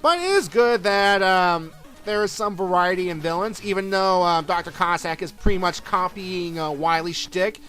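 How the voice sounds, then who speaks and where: A man's voice: high-pitched, normal speed, sharp tone, faint music behind. A man giving casual, rambling commentary over a video game playthrough, full of fillers and restarts. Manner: rambling, lots of fillers and self-corrections. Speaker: let's play commentator.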